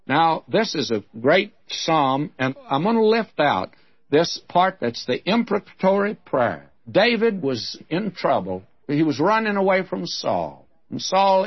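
A man's voice: a little high, muffled recording. A man giving a sermon as a Bible teacher, in a frank, folksy, conversational way.

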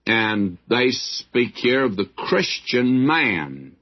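Slow, husky man teaching a sermon. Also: medium pitch, sing-song. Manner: slow, folksy verse-by-verse teaching with asides. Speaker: Bible teacher. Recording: dull lo-fi old recording.

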